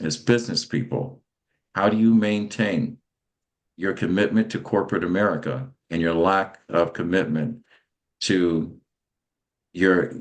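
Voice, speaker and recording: Male host, very low voice, meandering and halting questions. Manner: rambling, searching for words with many fillers and restarts. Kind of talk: interview questions.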